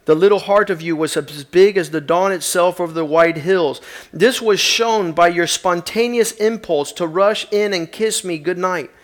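A man's voice: high voice, moderate pace. A man preaching a sermon, reading aloud with rising emphatic passion.

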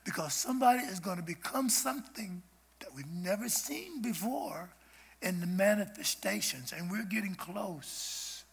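A man's voice: high voice, animated, normal speed, creaky, husky. A man preaching an informal sermon as a guest preacher, in an emphatic, conversational way.

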